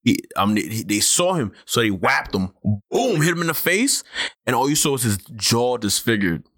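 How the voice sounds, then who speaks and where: A man's voice: medium pitch, big pitch swings, moderate pace, fairly bright tone. A man swapping stories in easy casual chat. His speech is slangy and peppered with profanity. The sound is close and dry, with no room echo.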